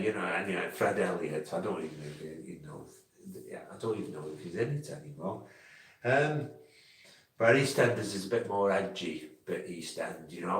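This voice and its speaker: A man's voice: sits low, moderate pace. A man hosting a casual live stream, rambling and chatty with lots of restarts. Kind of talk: casual live chat with viewers. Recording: echoey room, mic at a distance.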